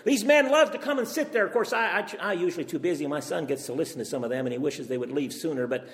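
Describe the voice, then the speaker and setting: A man's voice: on the high side, fast talker. An older man preaching a sermon, earnest and emphatic, firing off rhetorical questions. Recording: long reverb from a hall.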